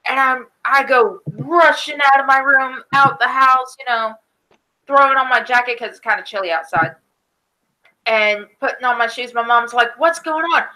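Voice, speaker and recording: A woman in her thirties telling a personal story on a casual podcast, lively and full of voiced quotes. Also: on the high side, normal speed, poor audio. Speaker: podcast co-host.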